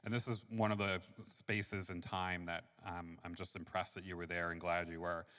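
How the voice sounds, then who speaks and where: A man's voice: deep voice, level tone, normal speed. A man hosting an event, reading a guest's bio with admiring asides. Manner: warm, admiring, reads then ad-libs. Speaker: event host. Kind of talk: reading an introduction. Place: church. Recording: reverberant church hall.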